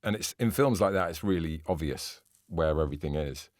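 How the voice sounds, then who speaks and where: A man co-hosting a podcast, explaining a book in a dry, deadpan, teasing way. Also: rumbling low, brisk, no echo. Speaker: podcast co-host reviewing a book. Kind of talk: casual chat.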